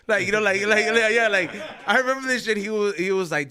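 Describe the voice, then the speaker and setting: A man on a casual podcast telling a long, animated story, full of slang and laughter. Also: high voice, quick pace, few pauses.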